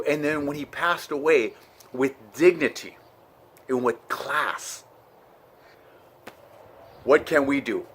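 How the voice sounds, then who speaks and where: A man's voice: mid-range voice, slow, long pauses, a bit bright, slightly rough. A man giving an inspirational vlog monologue from his computer, earnest and emotional, often trailing off and restarting his sentences. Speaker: vlogger.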